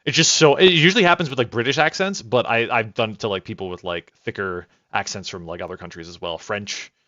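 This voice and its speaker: Bright excitable guy streaming a game, rambles, lo-fi mic. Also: on the low side, fast, no echo. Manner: rambling, restarts and swears, excitable. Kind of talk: casual gaming commentary. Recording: dull lo-fi dry mic.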